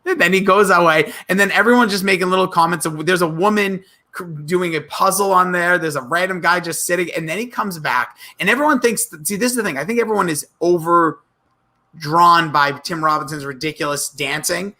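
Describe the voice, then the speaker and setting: A man with a high, bright voice co-hosts a casual podcast. He talks loosely and animatedly, jumping into little acted-out voices as he retells comedy sketches. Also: a little fast. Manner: animated, acts out sketch lines in put-on voices. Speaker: podcast co-host.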